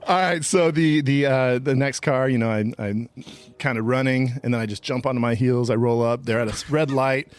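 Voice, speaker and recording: A man's voice: medium pitch, moderate pace, smooth. A man hosting a comedy podcast, telling a playful story in casual banter and laughing often. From California. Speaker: podcast host. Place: outdoor studio.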